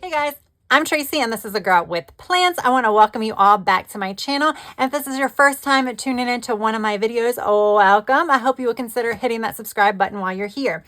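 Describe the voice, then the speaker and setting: A woman's voice: fairly high pitch, brisk, bright, forceful tone. Woman, book vlogger, casual chatty talk, frequent laughs, trailing restarts. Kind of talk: casual chat.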